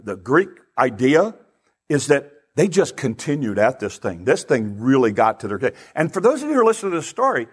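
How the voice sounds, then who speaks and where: A male pastor preaching a sermon in an animated way, asking his listeners rhetorical questions. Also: medium pitch, slightly rough.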